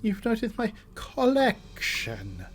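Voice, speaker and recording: A woman's voice: fairly high pitch, wildly swooping pitch, slow, pitched above the performer's own voice, full character voice. A woman voicing a hunched, grinning, creepy male innkeeper in a video game who stresses words oddly and cheerfully. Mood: creepily cheerful.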